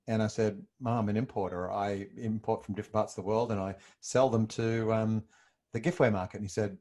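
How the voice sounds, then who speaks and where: A man's voice: on the low side, steady tone, moderate pace, a little mellow. A middle-aged man from Australia telling a personal story in a casual interview, hesitant with many ums and moved to emotion. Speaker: interview guest.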